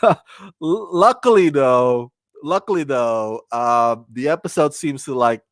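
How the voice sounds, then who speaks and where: A man's voice: mid-range voice, slow, no room sound. A man hosting his own channel, reviewing a TV episode in a casual, rambling way, full of restarts. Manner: rambling and animated, with many restarts and bursts of laughter.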